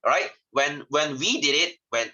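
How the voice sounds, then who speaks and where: A man with a Singaporean English accent tutors a science class by video call, speaking at a measured pace in a sharp-toned voice on the high side with lively intonation. Chatty and teasing, he frequently closes sentences with "lah." The recording is dull, lo-fi call audio.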